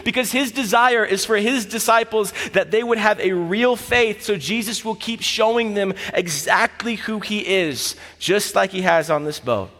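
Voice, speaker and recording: Preacher with a ringing hall reverb. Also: male voice, high voice, moderate pace, few pauses, a bit bright. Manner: earnest, vivid storytelling with repeated phrases. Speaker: pastor. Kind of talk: sermon.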